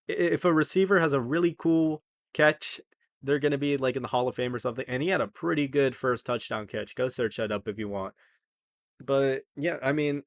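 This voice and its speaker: A man's voice: medium pitch, a bit bright, no echo. Chatty young man, dry close sound. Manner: chatty, rambling, self-correcting. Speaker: sports video host. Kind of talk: casual sports prediction talk.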